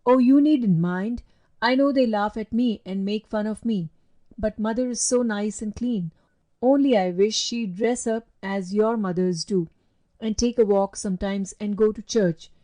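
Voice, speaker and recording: A woman voicing a timid, gentle young boy who speaks softly and wistfully in a storybook reading. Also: mid-range voice, measured pace, natural voice. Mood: earnest. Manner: soft and wistful.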